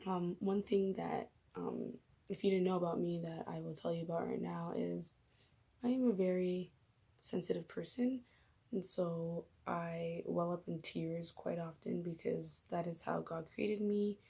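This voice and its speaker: A woman's voice: on the low side, fairly even intonation, measured pace, vocal fry, warm tone, husky. A young woman vlogging casually about her faith, emotional and gushing, often dropping into whispers.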